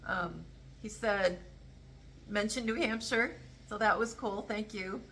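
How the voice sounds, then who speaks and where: Taking it slowly in a mid-range, fairly bright voice, a woman vlogger discusses politics casually to camera over a little hiss or hum. She's earnest, rambling and prone to interrupting and correcting herself.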